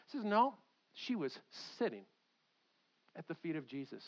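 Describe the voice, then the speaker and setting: A fired-up man preaching a sermon in a church, his voice sitting high and swinging from loud bursts to near-hushed intensity. The recording is dull and lo-fi, like an old church tape. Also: fairly quick. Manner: animated, swings from loud outbursts to quiet intensity. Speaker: pastor. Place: church sanctuary.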